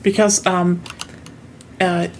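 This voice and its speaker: A woman's voice: on the low side, little pitch movement, takes it slowly, darkish tone, a little hiss or hum. A young woman from southern Germany with a German accent, chatting casually as a streamer while gaming, rambling with lots of fillers and restarts.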